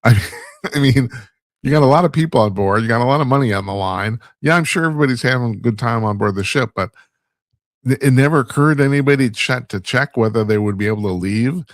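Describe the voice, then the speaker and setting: A man's voice: mid-range voice, quick pace, dry recording. A man hosting a talk show, delivering a rambling, wry monologue and laughing at his own stumbles. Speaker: radio talk show host. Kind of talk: casual monologue commentary.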